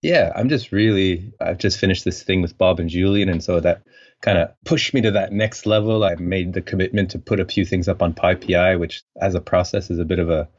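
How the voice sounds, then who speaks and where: Deep-voiced guy from french canada, scientist guest on a podcast, rambly and relaxed, sound a bit dull and lo-fi. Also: a little fast. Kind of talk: conversational interview.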